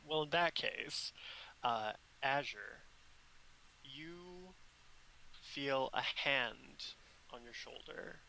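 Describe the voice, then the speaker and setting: Slow, bright-voiced male game master. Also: mid-range voice, gravelly, slight background noise, poor audio. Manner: unhurried, halting narration with many fillers. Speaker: dungeon master. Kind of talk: narrating a tabletop game.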